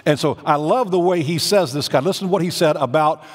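A man, preaching a sermon as pastor with dramatic pauses and emphatic rising declarations, in a church sanctuary. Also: a little high. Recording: reverberant church hall.

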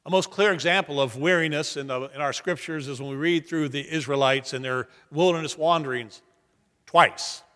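A man's voice: fairly high pitch, normal speed, bright, forceful tone, big-room sound. A man preaching a sermon, telling stories earnestly and building emphatic repeated lines. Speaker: pastor.

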